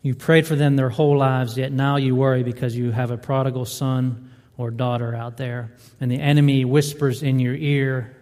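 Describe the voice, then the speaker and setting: A man's voice: mid-range voice, level tone, moderate pace, darkish tone. A male pastor delivering a sermon, building emphasis with repeated rhetorical questions. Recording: reverberant hall.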